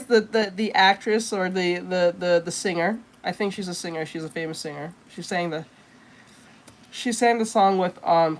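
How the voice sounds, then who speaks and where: A woman artist chatting casually while she draws, rambling and blunt with plenty of swearing. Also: fairly low pitch. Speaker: artist streamer. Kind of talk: casual chat while drawing.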